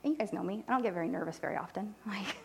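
A woman telling a mission story in a sermon, animated and emotional, dropping to near-whispers when moved. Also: mid-range voice, very fast, vocal fry, a little hiss or hum. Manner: animated storytelling, voices quoted people, drops to soft near-whispers; emotional, close to tears. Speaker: church speaker reporting on mission trip. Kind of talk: sermon testimony.

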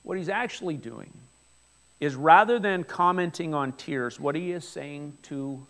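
A man in his forties delivers a sermon with a fairly high voice. He speaks earnestly and conversationally, often turning to the congregation with questions. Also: lively intonation, measured pace, a bit bright. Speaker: pastor. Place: church hall before a congregation.

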